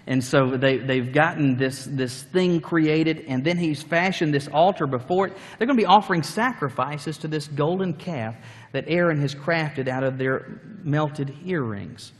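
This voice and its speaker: Storytelling preacher in a reverberant hall. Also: male voice, a little high, unhurried. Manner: storytelling, acting out the scenes. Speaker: pastor. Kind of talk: sermon.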